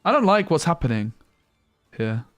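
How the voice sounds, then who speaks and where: A man's voice: fairly high pitch, very animated, moderate pace, fairly bright tone, soft background music. A man streaming a card game, giving casual commentary full of jokey banter with viewers and muttered asides.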